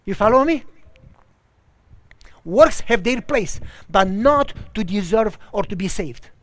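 A man's voice: high-pitched, lively intonation, slow pace, a bit bright. A man preaching a sermon, telling a story with lots of animation and often checking whether listeners follow him, in slightly non-standard English.

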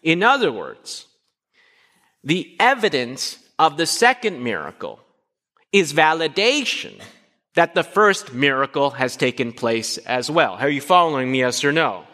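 A pastor preaches a sermon, his voice on the high side and unhurried. He's animated, putting questions to the congregation and acting out short dialogues, and a long hall reverb hangs on the recording.

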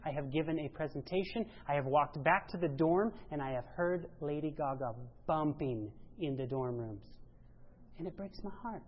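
A woman giving a sermon-style church presentation, emphatic, rising to loud exclamations and dropping low. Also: normal speed, few pauses. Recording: dull lo-fi sound.

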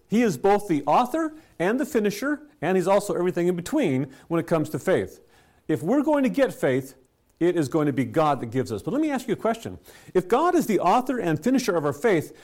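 A man preaching a sermon, telling stories with rhetorical questions and soft chuckles. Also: high voice. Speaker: pastor.

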